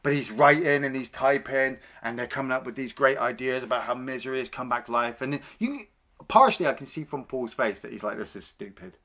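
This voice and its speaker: A man's voice: mid-range voice, fairly quick, a bit bright. A man co-hosting a film review podcast, casually retelling scenes and acting out the characters' lines.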